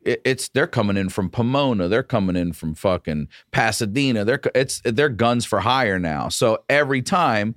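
A man, a comedian guest on a podcast, telling a story in a casual, profane, animated way. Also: fairly low pitch, normal speed, few pauses, dry recording, studio quality.

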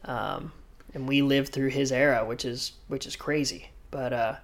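A man telling a story in casual chat, animated, acting out quotes and laughing. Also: medium pitch, normal speed, gravelly. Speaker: guest surfer.

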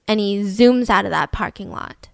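A woman's voice: medium pitch, moderate pace, vocal fry, no echo. A woman hosting a podcast, telling a true-crime story casually with chatty, conversational asides. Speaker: podcast host.

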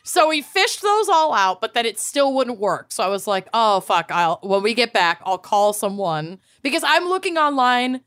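A high, bright woman's voice, swinging widely in pitch as she tells a story. She co-hosts a casual chat podcast, animated and exasperated and quick to swear. The sound is dry and close, with little room echo. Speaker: podcast co-host.

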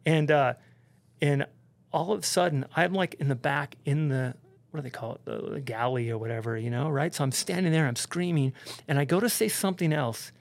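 A man, a podcast guest, telling a story in a casual, animated way, full of swearing and "like" and "dude". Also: a little high, a little fast, creaky, no echo. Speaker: podcast guest, pro snowboarder.

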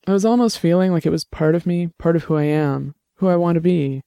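A shaken young woman speaks in a soft, halting voice, on the edge of tears, as a man puts her on. The voice sits a little higher, with a gravelly edge, in a dry, close sound. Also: no echo. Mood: fragile, tearful.

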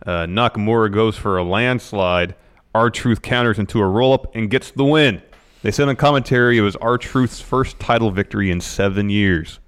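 A man with a low, smooth and resonant voice co-hosting a casual podcast. He recounts match action in a steady, even way, trading short agreements with his co-host. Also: moderate pace. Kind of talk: casual wrestling recap chat.

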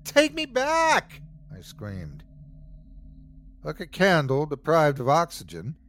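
A male podcast host narrates a horror story in measured, dramatic tones. His delivery is slow, and his pitch rises and falls expressively from line to line.

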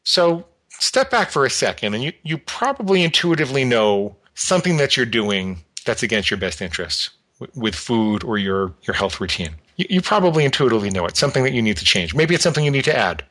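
A man guest calmly explaining an exercise step by step, sometimes acting out a tempting inner voice. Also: medium pitch, a little fast. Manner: calm, explanatory, acts out an inner voice. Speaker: guest expert. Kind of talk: instructional talk.

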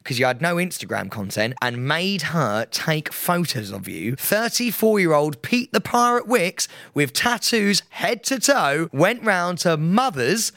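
A man's voice: on the high side, big pitch swings, a little slow, hardly any pauses, a bit bright, no echo, clean studio sound. A man co-hosting a podcast, joking and laughing as he trades banter. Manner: jokey, laughs often, puts on voices. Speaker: podcast co-host. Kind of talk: casual banter.

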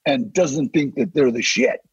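An older man, a podcast guest, telling animated stories in a casual interview and acting out the voices he quotes. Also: medium pitch, unhurried. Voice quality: gravelly, husky. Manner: animated, acts out quoted voices, growls threats. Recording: dry, slightly dull sound.

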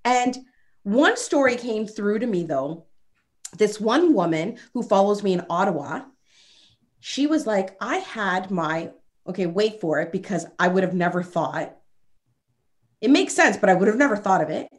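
Animated, sing-song woman. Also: medium pitch, normal speed. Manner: animated and expressive, laughs easily. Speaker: talk show guest or co-host, college teacher. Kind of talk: casual chat.

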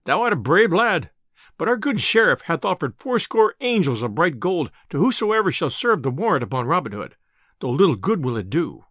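A man voicing a sheriff's messenger who coaxes and flatters in old-fashioned speech, from a storybook reading. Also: a little high, normal speed, dry recording, clean studio sound. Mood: coaxing. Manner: coaxing archaic speech.

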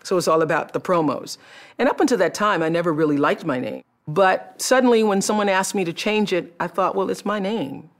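A woman telling stories from her own career in an animated, expressive way. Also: on the low side, fairly quick. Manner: animated, expressive, acts out remembered voices. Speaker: television personality recounting her career. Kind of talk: personal storytelling talk.

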